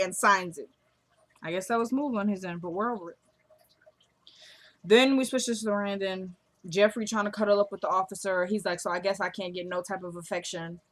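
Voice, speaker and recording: A woman casually recapping a TV episode, chatting and acting out the characters' lines as she goes. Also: medium pitch. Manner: chatty, acts out quotes of the characters. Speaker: TV show recapper.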